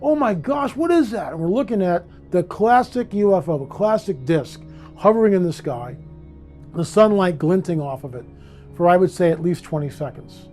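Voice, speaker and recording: Animated man telling a story. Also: sits high, normal speed, faint music behind. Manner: animated, acts out voices when retelling. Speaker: interviewee. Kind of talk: casual storytelling interview.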